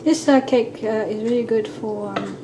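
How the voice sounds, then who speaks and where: A woman off camera in a home kitchen, chiming in with short soft questions during a cooking demonstration. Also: on the high side, moderate pace. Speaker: off-camera helper. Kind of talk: casual chat. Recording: echoey room, off-mic, noisy.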